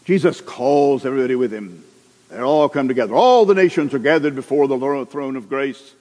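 A man preaching a sermon, animated and acting out the people in his stories. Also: medium pitch, brisk, big-room sound. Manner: animated, acts out characters in the stories.

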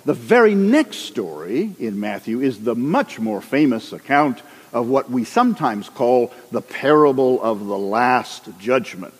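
A man preaching a sermon, animated and acting out the people in his stories. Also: mid-range voice, measured pace, few pauses, slightly rough, long reverb tail. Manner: animated, acts out characters in the stories.

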